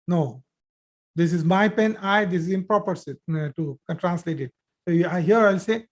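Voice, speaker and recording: Man, Arabic teacher, live online class, patient, repeats himself, halting with fillers, computer mic. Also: high voice. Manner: patient, repeats sentences, many fillers and restarts. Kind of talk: live online grammar lesson. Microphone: computer mic on a video call.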